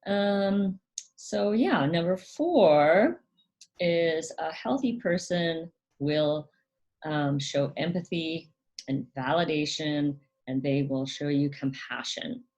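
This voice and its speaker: A woman hosting her own channel, explaining things gently in a casual monologue, often hesitating with ums and restarting her sentences. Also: low voice, animated, takes it slowly. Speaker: channel host.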